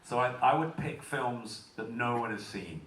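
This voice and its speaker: A man's voice: medium pitch, expressive, moderate pace, a bit bright. A man with a British accent answering questions on a convention panel, telling stories in a chatty way, swearing casually and joking at his own expense. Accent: British English. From Britain. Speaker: panel guest. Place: large convention hall. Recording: echoey hall from far off with noise.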